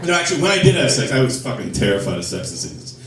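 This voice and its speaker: A man's voice: medium pitch, very animated, racing, far from the mic, a crowd in the background. A man doing a stand-up comedy set on a club stage, telling profane, self-deprecating stories and acting out the dialogue. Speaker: stand-up comic. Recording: echoey club, recorded from afar.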